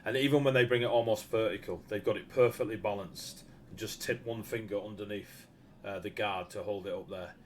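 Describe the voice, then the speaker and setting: A man's voice: fairly low pitch, a little fast, slight background noise. A man narrating as game master in a casual, rambling way with laughing asides.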